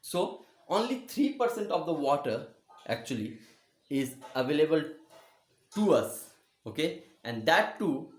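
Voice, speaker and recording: Man, school teacher, slightly high voice, slow repeated explanations, roomy echo. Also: big pitch swings. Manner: slow, repeats and spells out words, checks with "okay?". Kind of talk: classroom geography lesson. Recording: echoey room.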